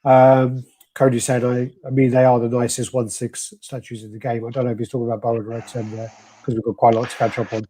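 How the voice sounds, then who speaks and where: Guy hosting a chill collectibles stream, bit husky, curses a lot. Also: mid-range voice, flat delivery, quick pace, warm tone. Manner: laid-back, swears and laughs, reads out chat comments. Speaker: host. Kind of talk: casual live-stream chat.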